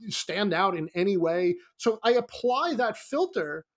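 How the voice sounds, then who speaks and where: A middle-aged man, a screenwriter guest, telling a comic anecdote in a lively, animated way. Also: sits high, unhurried. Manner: lively, comic storytelling with acted-out quotes.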